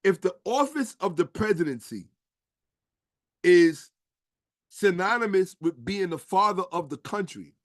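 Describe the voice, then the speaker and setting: A man's voice: high-pitched, lively intonation, a little slow, long pauses, no room sound, clean studio sound. A man lecturing in a casual stream, emphatic and profane, firing rhetorical questions at his listeners. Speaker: streamer and history commentator.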